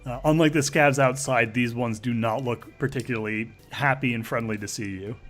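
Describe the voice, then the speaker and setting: A man's voice: medium pitch, moderate pace, a bit bright, soft background music. A man narrating a tabletop role-play as game master, rambling with lots of fillers and restarts.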